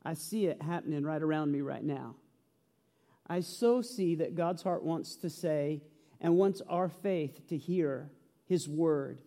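A man's voice: on the high side, a little slow, dark tone. A male pastor preaching a sermon, telling a story with humor and earnest conviction in a church. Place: church sanctuary. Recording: reverberant church hall.

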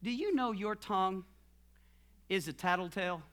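A male pastor delivers a sermon in a high, bright, ringing voice. He builds to shouted declarations, then eases into quiet, nearly whispered teaching with a laugh here and there. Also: lively intonation, moderate pace, clean tone.

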